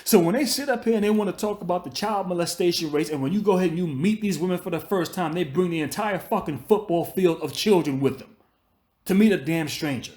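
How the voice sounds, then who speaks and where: A man's voice: high voice, quick pace, a little mellow. A man hosting a commentary channel, delivering a profane, scolding rant that circles back on itself and repeats his points. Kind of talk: ranting commentary monologue.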